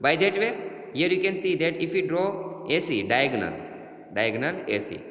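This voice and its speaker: A man with an Indian English accent teaching a maths lesson, halting and repeating himself with many fillers. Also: fairly high pitch, big pitch swings, a bit bright. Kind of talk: classroom lesson. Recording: roomy echo, long reverb.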